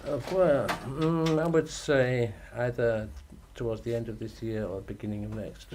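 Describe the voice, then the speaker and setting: An older man from Germany chatting as a guest over a video call, at an ordinary pitch. He talks in a relaxed, meandering way and chuckles now and then. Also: unhurried, noisy background. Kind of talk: casual chat.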